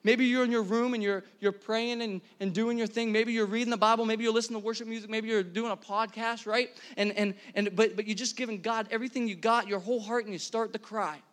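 Man, very high voice, pastor, lively sermon, chatty, questions to the congregation. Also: fast talker, few pauses. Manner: energetic, conversational, many restarts and audience questions. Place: church hall before a congregation.

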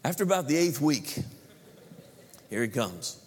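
A man's voice: medium pitch, big pitch swings, a little slow, slightly rough. A man preaching a sermon as pastor, telling stories animatedly and acting out the people he quotes. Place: church sanctuary. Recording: long reverb of a church hall.

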